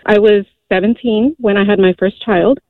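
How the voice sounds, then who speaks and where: A woman in her forties calling in to a radio show, telling a personal story earnestly, with many halting fillers. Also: mid-range voice, fairly even intonation, no room sound. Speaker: caller. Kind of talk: call-in radio testimony. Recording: tinny phone line.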